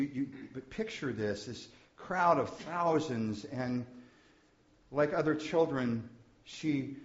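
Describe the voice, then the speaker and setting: A man preaching, telling a story slowly and softly, often dropping to a hush. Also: medium pitch. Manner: slow, soft-spoken storytelling with hushed passages. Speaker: pastor. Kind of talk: sermon storytelling. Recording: dull, echoey room recording.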